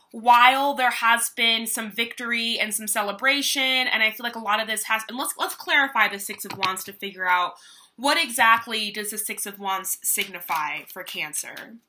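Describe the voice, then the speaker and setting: A woman's voice: on the high side, sharp tone. A young woman doing a casual, chatty tarot reading, talking in a meandering way with lots of fillers. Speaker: tarot reader.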